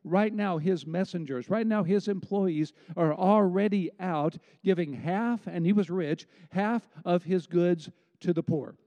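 A man's voice: sits high, measured pace, hardly any pauses, mellow, dull audio. A middle-aged man preaching a sermon, explaining a Bible story with asides to the congregation. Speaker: pastor. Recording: long hall reverb.

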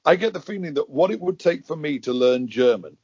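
Husky host on dry, dull audio. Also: male voice, on the high side, lively intonation, darkish tone, dry recording. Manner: chatty, self-deprecating, brisk asides. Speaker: podcast host. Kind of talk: casual conversation.

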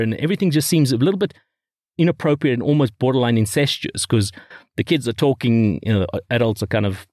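A man's voice: mid-range voice, a little mellow, no room sound, clean studio sound. A married man co-hosting a podcast, chatting casually about old comedy movies, rambling and laughing at his own stories. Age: adult, married. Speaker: podcast co-host. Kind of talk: casual chat.

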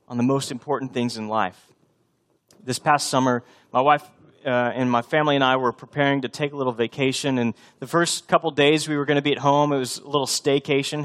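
A man's voice: mid-range voice, a bit bright. A male pastor in his thirties preaching a sermon, conversational and often building to emphatic repetition.

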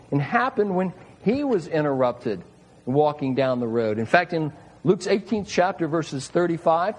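A man's voice: fairly high pitch, darkish tone, slightly rough, poor audio. A man preaching a sermon, retelling scripture in an earnest, emphatic way with repeated phrases. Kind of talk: sermon reading and explaining scripture.

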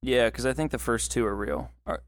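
A man's voice: medium pitch, fairly even intonation, a little fast. A man chatting playfully with friends, joking at his own expense. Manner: playful, self-mocking. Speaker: co-host. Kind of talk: casual podcast chat.

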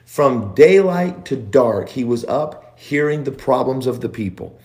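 Male preacher, very slow and emphatic, stacks repeated phrases, middle voice. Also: medium pitch, animated, a little mellow. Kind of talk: sermon.

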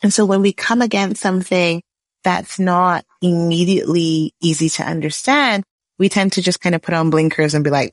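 A woman's voice: lowish voice, fairly even intonation, normal speed, dry recording. A woman who is a business lawyer, explaining legal ideas on a podcast with everyday analogies and frequent "right?" checks. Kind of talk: podcast interview.

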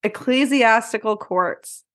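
Higher-voiced wisecracking woman podcaster. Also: takes it slowly, fairly bright tone. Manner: laughing, loose and wisecracking while reading notes. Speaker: podcast co-host. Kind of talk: casual podcast chat.

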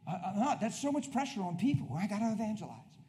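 High-voiced excitable male preacher. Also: fast talker. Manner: excitable, shouting bursts, acts out conversations. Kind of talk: energetic sermon.

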